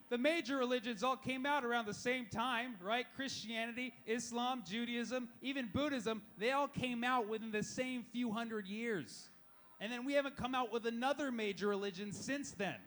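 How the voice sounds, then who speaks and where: A man's voice: very high voice, fairly bright tone. A young man doing a stand-up set, firing off punchlines and acting out little voices of the people in his jokes. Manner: rapid-fire punchlines with acted-out voices. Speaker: stand-up comedian. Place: live comedy show.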